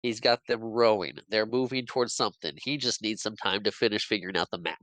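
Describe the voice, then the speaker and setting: A man's voice: fairly low pitch, fast, fairly bright tone, dry recording, low-quality recording. A man on a podcast casually retelling a movie plot, jumping into quoted lines and laughing often. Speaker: podcast co-host recapping a movie. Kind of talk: casual chat.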